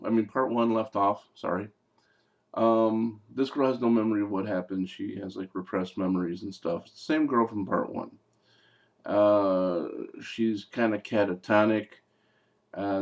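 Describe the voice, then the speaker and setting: A man giving a casual, rambling movie review, full of fillers, digressions and jokey asides. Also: on the low side. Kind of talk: casual film review vlog.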